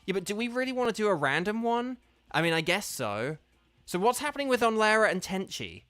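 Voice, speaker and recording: A man's voice: high voice, sing-song, a little fast, sharp tone, no echo. A man streaming a game live, patiently explaining steps to his viewers in a casual, chatty way full of fillers.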